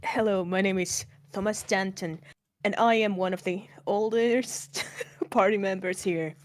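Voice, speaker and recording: A woman voicing an older man, a veteran party member, speaking in a plain, measured way. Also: mid-range voice, steady tone, no room sound, clean studio sound, lightly acted. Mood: dignified. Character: older male party veteran stepping aside.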